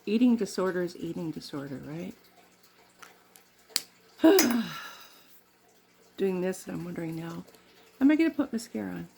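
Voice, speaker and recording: Chatty woman with a gravelly voice. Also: fairly low pitch, sing-song, normal speed, pauses often, warm tone, slight background noise. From Canada. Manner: rambling, chatty, laughs often. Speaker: makeup vlogger. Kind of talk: casual chat while doing makeup.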